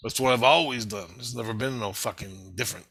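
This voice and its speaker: Man, casual storytelling, swears a lot, excitable, bright tense voice, dry close sound. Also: mid-range voice, brisk, gravelly, slightly rough, no room sound. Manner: profane, excitable, rambling. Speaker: vlogger recounting a vision.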